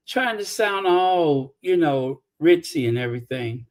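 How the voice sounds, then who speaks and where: A woman hosting a commentary channel, talking casually and sarcastically over clips, with fillers and pauses. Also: lowish voice, darkish tone. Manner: sarcastic, mocking, unhurried with fillers. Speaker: royal commentary channel host.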